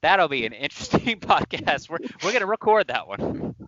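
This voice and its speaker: A man's voice: on the high side, normal speed, muffled recording, slight background noise. A man co-hosting a podcast, telling a story in casual chat, acting out quotes and laughing. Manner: animated, laughing, acts out quotes. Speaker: podcast co-host.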